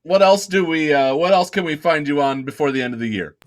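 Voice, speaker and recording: A man hosting a podcast, asking chatty questions full of quick restarts. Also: fairly high pitch, lively intonation. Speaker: podcast host. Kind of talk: casual interview chat.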